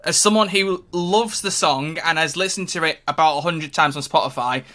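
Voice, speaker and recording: A man's voice: fairly high pitch, bright, forceful tone. A man co-hosting a podcast, chatting casually and teasing his co-hosts. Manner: jokey, teasing, quick restarts. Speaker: podcast co-host. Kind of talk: casual chat.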